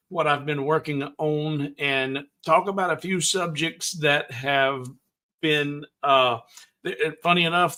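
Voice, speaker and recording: Slow, halting man with a bright voice. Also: on the high side. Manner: halting, frequent stutters and restarts; slow, deliberate delivery. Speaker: livestream host. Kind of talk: casual live stream chat.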